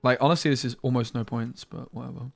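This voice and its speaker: A man's voice: medium pitch, fairly even intonation, fast talker, vocal fry, a little mellow, no room sound. Chatty man muttering game commentary. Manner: chatty, muttering asides, mild slang. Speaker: streamer. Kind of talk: casual gameplay commentary.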